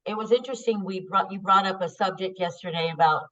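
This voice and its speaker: A woman hosting a podcast, chatting casually and warmly telling a story, openly emotional. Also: mid-range voice, fast talker, a little hiss or hum. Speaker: podcast host. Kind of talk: casual interview chat. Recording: dull lo-fi sound.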